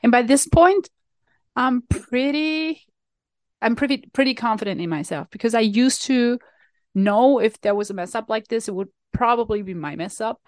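Young woman vlogger from Switzerland with a slightly high voice and a dry, close sound. Chatty and self-deprecating. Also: normal speed, no echo. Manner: animated, self-mocking, frequent fillers and restarts. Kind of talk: casual storytelling to camera.

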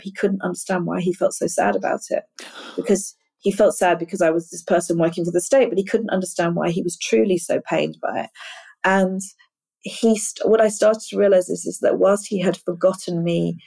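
A middle-aged woman in a candid interview, her low voice carrying a gravelly rasp. She speaks earnestly and thoughtfully, stumbling and repeating words as she searches for what she means. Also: warm tone. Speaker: interview guest, screenwriter.

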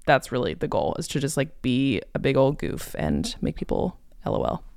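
A young woman, a comedian, chatting as an interview guest in a lively, laughing way. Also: extremely low pitch, creaky, no echo, studio quality. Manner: chatty, laughing, quick asides. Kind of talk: casual interview chat.

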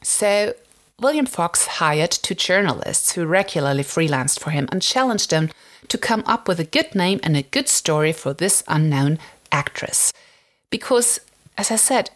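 A woman hosting a podcast, telling old film history in a chatty, casual way, often saying "like" and stressing words with animation. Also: fairly low pitch. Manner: chatty, frequent "like" fillers, animated emphasis. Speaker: podcast host.

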